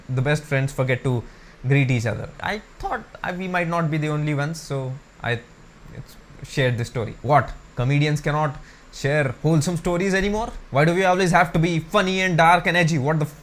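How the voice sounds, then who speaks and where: A man's voice: a little high, fairly bright tone. A man doing a crude stand-up set alone in his room, talking straight to camera and calling viewers "guys". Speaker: stand-up comedian. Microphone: camera mic.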